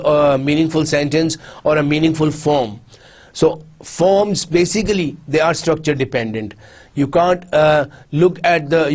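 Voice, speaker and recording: Repetitive higher-pitched male lecturer. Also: a little mellow. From Pakistan. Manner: repetitive, restarts often while explaining. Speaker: university lecturer. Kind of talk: recorded academic lecture.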